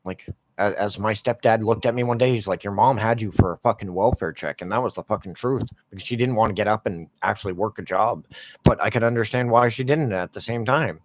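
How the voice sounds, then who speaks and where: A man's voice: on the low side, fairly quick. A man in his forties, a gaming YouTuber, ranting casually and swearing constantly while he plays. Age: 40s.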